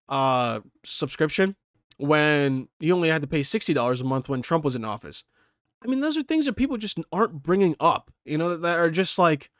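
A man's voice: a little high, fairly bright tone, no echo, studio quality. A man ranting with heavy profanity, reading a news article aloud and reacting to it in rambling asides. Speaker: commentator.

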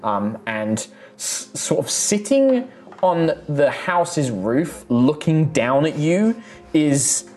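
A man's voice: a little high, big pitch swings, takes it slowly, darkish tone. A man narrating as game master of a tabletop game, describing scenes loosely with lots of fillers.

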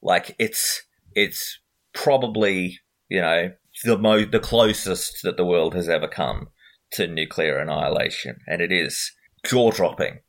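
A man with a lowish voice talks casually about a film he watched. He speaks in a loose, conversational way and often stops and restarts mid-sentence, like a podcast co-host reviewing a movie. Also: a little slow, gravelly, fairly bright tone.

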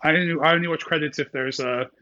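A man's voice: a little high, fairly even intonation, fast, bright, forceful tone, highs cut off. A man co-hosting a podcast in casual chat, with dry, sarcastic teasing. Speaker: podcast co-host.

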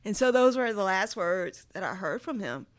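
A woman's voice: medium pitch, animated, moderate pace, dry recording. A woman telling a heartfelt family story in casual chat, earnest and sprinkling in lots of "like.". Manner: earnest, many "like" fillers. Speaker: guest sharing a personal story.

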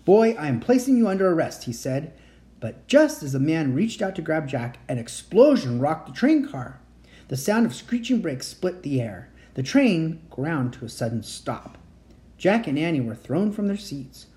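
A home reader reading a children's chapter book aloud. The voice is dark and mellow, and the pitch moves a lot through the story. There are occasional slips and restarts. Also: sing-song, a little slow.

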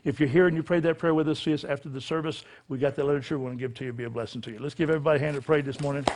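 A man's voice: fairly high pitch, fairly even intonation, very fast, a little mellow. A middle-aged male pastor giving an altar call in a church service, preaching with a fervent, repetitive cadence. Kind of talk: altar call and sinner's prayer.

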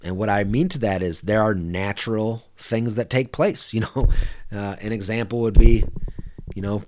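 A man's voice: fairly low pitch, steady tone, moderate pace, darkish tone. A man preaching a conversational sermon, reading Bible verses and explaining them in a plain, repetitive way with frequent "you know.". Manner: conversational, repeats words and says "you know" often.

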